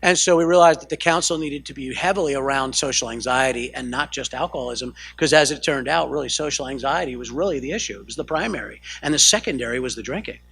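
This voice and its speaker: A man's voice: medium pitch, fast talker, creaky, few pauses, fairly bright tone, breathy edge. An American man, a counselor, teaching a family training session in a conversational lecture style, often checking in with "right?" and correcting himself mid-sentence. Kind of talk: lecture to a live audience.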